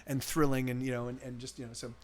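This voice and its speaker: A man's voice: medium pitch, level tone, fast talker, darkish tone. A man who streams his own music live, talking casually and rambling between songs, often restarting his sentences and swearing freely.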